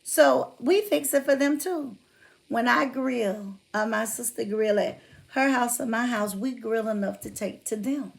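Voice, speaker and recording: A woman hosts a relaxed livestream, talking chattily to her viewers and calling them out by name. Her voice sits a little high and has a gravelly, fry-laden edge. She speaks openly about her faith as she talks. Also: unhurried. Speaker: livestream host. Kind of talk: casual livestream chat with viewers.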